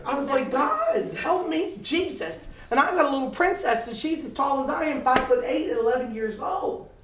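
A woman's voice: sits high, fast talker. Older woman preacher telling stories. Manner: lively, laughing storyteller, preaching cadence. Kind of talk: sermon with storytelling. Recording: echoey room picked up from a distance.

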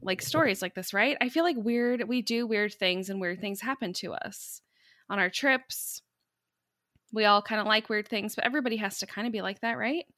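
A woman's voice: mid-range voice, moderate pace, fairly bright tone, dry recording, studio quality. A woman co-hosting a podcast, chiming in on a shared story in casual chat.

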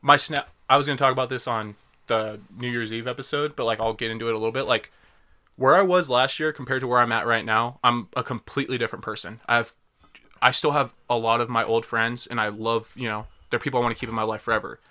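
A young man hosting a casual podcast among friends, talking loosely and swearing freely. His voice is bright and clear, at an ordinary pitch. He laughs often as he talks. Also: steady tone, quick pace. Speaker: podcast host.

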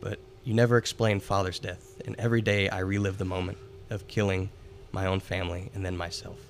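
A man's voice: low-pitched, level tone, brisk, slight background noise. A man reading aloud the confession of a teenage girl ghost who killed her family, in a pleading, remorseful way.

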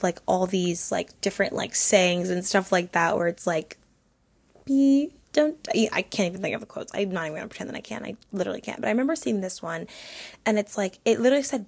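A woman's voice: mid-range voice, creaky, darkish tone. A young woman in her twenties hosting a casual solo podcast, chatty and filling her talk with "like". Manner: chatty, heavy use of "like". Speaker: podcast host.

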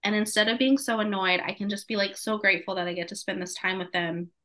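Woman podcast host, casual and chatty, bright and forceful tone. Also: medium pitch, steady tone, quick pace. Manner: chatty, peppered with "like" and laughs.

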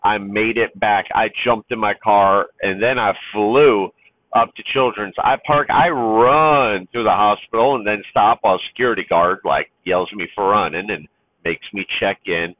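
Tearful truck-driving dad, tinny sound. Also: male voice, on the low side, moderate pace, no room sound. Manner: heartfelt, rambling, with restarts and fillers. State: emotional, near tears. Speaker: truck driver and father. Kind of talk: personal vlog monologue.

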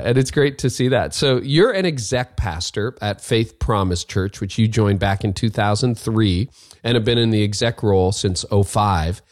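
A man's voice: lowish voice, no room sound, studio quality. A middle-aged man hosting a podcast, chatty and upbeat, with frequent fillers. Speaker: podcast host. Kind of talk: podcast ad read and interview. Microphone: video call.

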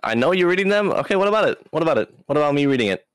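A man's voice: a little high, expressive, rapid-fire, smooth, no room sound, clean studio sound. A man from Hawaii, a guest on a live stream, joking around in a laid-back way. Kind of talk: casual livestream chat.

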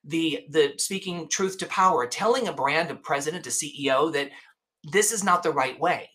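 A man's voice: on the high side, normal speed, sharp tone. A man talking as a guest in a casual interview, emphatic and storytelling, often restarting his sentences. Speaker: podcast guest.

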